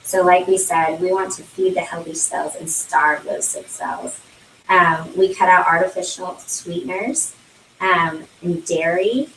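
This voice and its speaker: A young woman gives a chatty, filler-heavy presentation to guests in a room. Her voice sits a little low and comes from across the space, picked up by a camera. The room rings around her. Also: steady tone, unhurried, a bit bright, a little hiss or hum. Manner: chatty, many fillers, laughs often. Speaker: consultant presenting at a launch party. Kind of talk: casual product presentation. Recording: roomy, distant camera audio.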